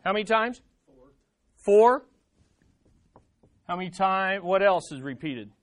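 A pastor preaching a sermon, questioning the congregation and repeating key words emphatically. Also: male voice, sits high, animated, unhurried, no echo.

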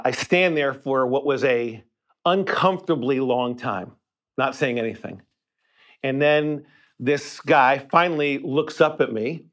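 A man preaching a sermon as a story, his voice sitting a little high for a man. He talks to the congregation in a plain, conversational way and often repeats his words as he goes. For the tender parts he drops his voice to something hushed. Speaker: pastor. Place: church sanctuary.

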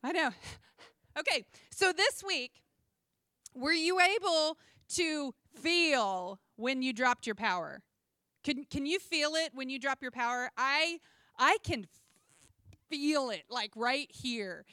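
Young woman giving a chatty sermon, bright crisp voice, dry close sound. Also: high-pitched, slow, no echo. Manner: conversational and animated, with asides and self-deprecating humor. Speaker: preacher.

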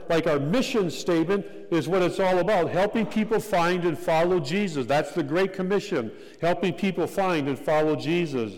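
A man preaching a sermon as pastor, measured and deliberate, repeating key phrases for emphasis. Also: sits high, darkish tone. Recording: long hall reverb.

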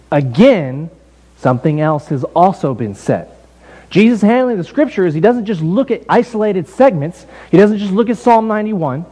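A man preaching a sermon as pastor in a relaxed, conversational way, telling the story with lively asides. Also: high voice, breathy edge, poor audio. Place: church building.

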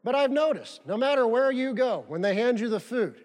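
A man with a notably high voice delivers a sermon from the pulpit. He drives his points home with emphatic repetition. His words trail off into the long reverb of a big sanctuary. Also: lively intonation, fairly quick, darkish tone. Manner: emphatic, repeats key phrases for stress. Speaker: pastor. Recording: long reverb of a large hall.

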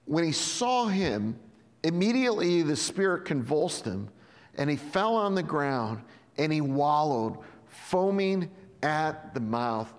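A man's voice: fairly high pitch, sing-song, takes it slowly, big-room sound. A man preaching a sermon in a conversational way, acting out the Bible scenes in quoted voices. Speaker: pastor.

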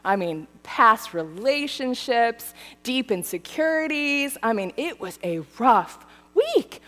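A woman in her thirties giving a sermon, telling a story with lively, animated delivery. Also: a little high, normal speed, faint music behind. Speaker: church speaker. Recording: hall reverb.

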